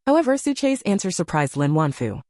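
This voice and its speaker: A woman's voice: on the low side, big pitch swings, a little fast, warm tone, dry recording, studio quality. A woman narrating a romance novel in a scripted storytelling manner.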